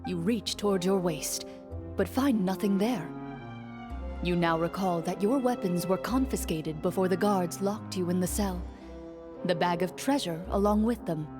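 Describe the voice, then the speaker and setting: A woman voicing a composed female game master who narrates a court scene in a game, in a measured, formal way. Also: lowish voice, over music, close to an everyday voice. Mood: narrating. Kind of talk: scripted narration.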